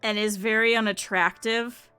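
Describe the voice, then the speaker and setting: A woman streamer with a slight lisp, chatting casually and excitedly with viewers while playing a game. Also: mid-range voice, moderate pace, clear, resonant tone, soft background music. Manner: chatty and animated, often laughing. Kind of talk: casual gameplay chat with viewers.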